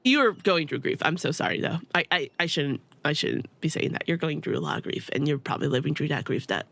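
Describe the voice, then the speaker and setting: A woman's voice: low voice, lively intonation, fast, vocal fry, fairly bright tone. Blunt, swearing young woman gamer. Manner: blunt, swears, laughs often, rambling. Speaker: streamer. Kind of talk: casual let's-play commentary.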